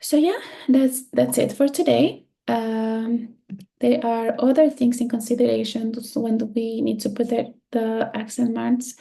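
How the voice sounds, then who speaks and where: Woman, language teacher, fairly high voice, gravelly fry, pauses and fillers. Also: fairly even intonation, mellow. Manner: slow and careful, with many pauses and fillers. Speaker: Spanish teacher. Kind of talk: explaining a grammar lesson.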